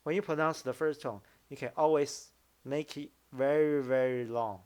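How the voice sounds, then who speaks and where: A man teaching Mandarin tones in a casual lesson, explaining slowly and repeating example syllables. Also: mid-range voice, steady tone, a little mellow, smooth. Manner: slow, repetitive explaining, drawing out example syllables. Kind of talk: casual language lesson commentary.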